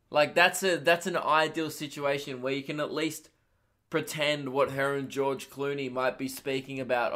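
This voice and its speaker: A young man tells a crude, self-mocking story on his comedy podcast. He delivers it in an animated stand-up style. His voice sits a little high.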